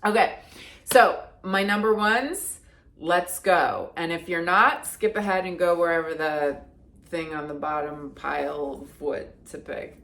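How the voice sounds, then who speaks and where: A card reader and deck creator gives a casual, intuitive card reading, chatty and earnest, using "like" a lot and restarting often. Her voice is on the low side, unhurried and fairly bright.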